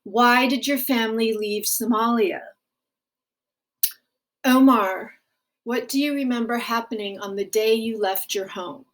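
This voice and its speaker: A woman's voice: a little high, unhurried, pauses often, close to an everyday voice. Woman reading as a curt male interviewer. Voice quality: curt, formal questioning. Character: stern male refugee interviewer, brusque official.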